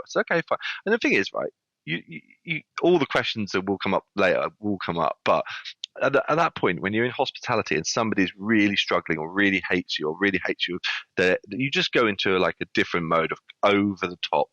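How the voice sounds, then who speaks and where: Man, podcast guest, deep dry voice, quick animated yarn-spinner. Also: no echo. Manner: animated anecdote-telling with many restarts. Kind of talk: casual storytelling. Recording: dull lo-fi sound.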